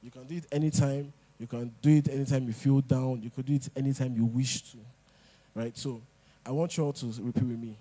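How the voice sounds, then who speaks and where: A man's voice: mid-range voice, fairly even intonation, fairly quick, dark tone. A man giving a motivational talk at an event, emphatic and repeating his points. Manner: emphatic, repeats lines, pidgin asides. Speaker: speaker.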